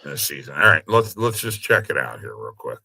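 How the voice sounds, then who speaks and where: A man's voice: rumbling low, very animated, brisk, gravelly, sharp tone, husky, no echo, low-quality recording. A man co-hosting a casual sports betting show, joking and trash-talking as he reads out stats.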